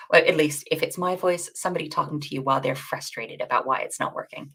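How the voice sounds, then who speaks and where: A woman co-hosting a coding bootcamp livestream, chatty and self-deprecating with quick asides. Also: deep voice, vocal fry, fairly bright tone, husky. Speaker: bootcamp co-host. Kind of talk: casual livestream teaching chat.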